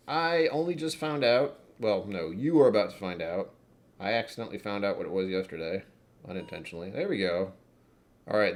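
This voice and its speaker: A man hosting a whiskey tasting livestream, chatting casually with viewers in a wry, self-mocking way. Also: low-pitched.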